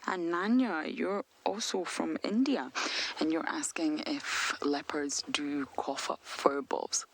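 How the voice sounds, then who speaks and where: A woman guiding a live game drive from an open vehicle outdoors, answering viewer questions in a hushed, often whispered voice. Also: deep voice, creaky, poor audio. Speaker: safari guide.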